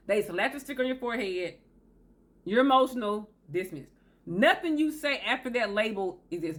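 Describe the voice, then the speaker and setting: With a fairly high, somewhat bright voice, a woman hosts a self-help video and gives advice directly to the camera. Emphatic throughout, she repeats her main points and acts out quoted people.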